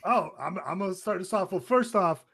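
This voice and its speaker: A man's voice: high-pitched, brisk, vocal fry, a bit bright, breathy edge. A man co-hosting a sports radio show in casual chat, laid-back and rambling, peppering his talk with "man" and "you know". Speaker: radio co-host.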